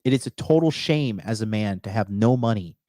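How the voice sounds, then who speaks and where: A man's voice: on the low side, expressive, a little fast, mellow, dry recording, studio quality. A man streaming live as a dating coach, giving profane, emphatic advice and reading chat, repeating lines for punch. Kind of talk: livestream monologue reading chat.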